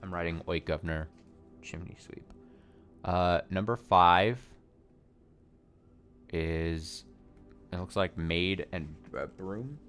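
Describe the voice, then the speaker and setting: Low-voiced man thinking aloud over a game. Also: slow pace, pauses often, fairly bright tone, soft background music. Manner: thinks aloud, swears casually, self-mocking. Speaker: let's play streamer. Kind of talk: casual gameplay commentary.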